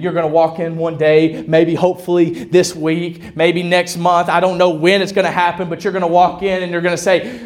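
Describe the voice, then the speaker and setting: A male pastor preaching a sermon in church, building to loud, bold passages with dramatic pauses. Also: high voice, steady tone. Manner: self-described introvert. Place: church sanctuary.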